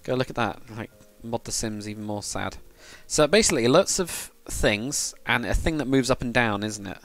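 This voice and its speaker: British man, live streamer, casual rambling chat, mid pitch, faint music behind. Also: animated, normal speed, a bit bright, no room sound. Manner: rambling, swears, chats with viewers. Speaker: livestreamer.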